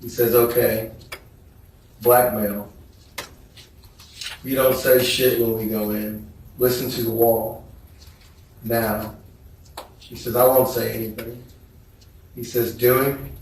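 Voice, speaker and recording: A man testifying as a witness in a courtroom, reading text messages aloud in a slow, measured way. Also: mid-range voice, darkish tone. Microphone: distant courtroom microphone. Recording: echoey courtroom audio from far off with faint noise.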